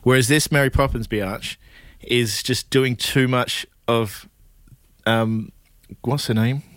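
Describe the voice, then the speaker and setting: A man's voice: mid-range voice, fairly even intonation, takes it slowly, fairly bright tone, no echo. A man rambles through a casual podcast chat, swearing freely and stopping to hunt for names and words. His voice sits in a middle range. The sound is dry and close, with no room around it. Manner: rambling, profane, trails off into tangents. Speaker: podcast co-host.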